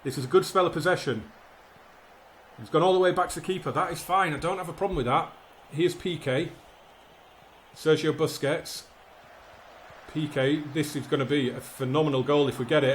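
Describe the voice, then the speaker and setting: A man calls the action of a football management game in an excitable commentary style, rising sharply when things go well and sinking when they don't. His voice sits a little higher than most men's. There is a faint ambient hum behind him. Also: moderate pace, long pauses. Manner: excitable, commentates like a match caller, frets aloud. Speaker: gaming YouTuber playing a football management game.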